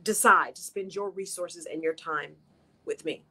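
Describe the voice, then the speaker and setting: A woman's voice: low-pitched, measured pace, pushed and bright, breathy edge. A middle-aged woman hosts a radio show, giving an earnest, encouraging motivational talk straight to her listeners.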